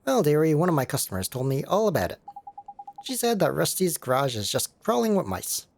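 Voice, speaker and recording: A man's voice: fairly high pitch, big pitch swings, fairly quick, vocal fry, slight background noise, pitched above the performer's own voice. A man voicing a doting older female shopkeeper who fusses over her cat in baby talk while reading game dialogue. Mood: cooing. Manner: fussy, cooing baby talk.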